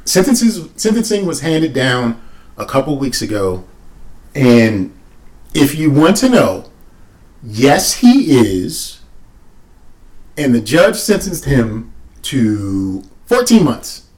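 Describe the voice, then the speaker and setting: Animated man telling a story with wry asides. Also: medium pitch, slow pace, long pauses. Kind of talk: casual storytelling chat.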